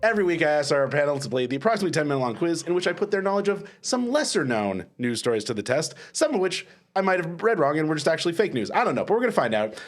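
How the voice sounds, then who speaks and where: A man's voice: on the high side, sing-song, racing, few pauses. A man hosting a comedy news podcast, chatty and often laughing between asides. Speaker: podcast host.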